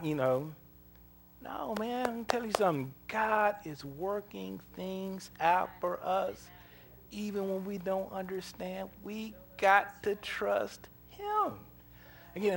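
A male preacher with a bright, forceful voice that sits a touch high for a man. His pitch swings widely as he tells stories in a folksy, conversational way, acting out the dialogue and laughing along. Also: very animated, slow pace, creaky, a little hiss or hum. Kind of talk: sermon with storytelling.

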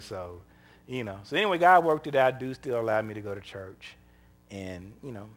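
A man with a lowish voice preaches a sermon at a moderate pace, sharing personal stories in a folksy, conversational style. He's animated, acts out the dialogue in his tales and laughs often.

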